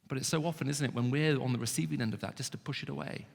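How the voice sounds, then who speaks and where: A man giving an expressive talk to students, his voice rising sharply when pleading. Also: fairly high pitch, rapid-fire, gravelly, hardly any pauses. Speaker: Christian speaker. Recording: reverberant hall.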